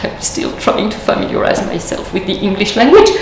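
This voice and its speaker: A woman's voice: medium pitch, very animated. Woman lecturing in an echoey room. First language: French. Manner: measured, thoughtful, with deliberate pauses. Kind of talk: reflective lecture. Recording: echoey room, faint background noise.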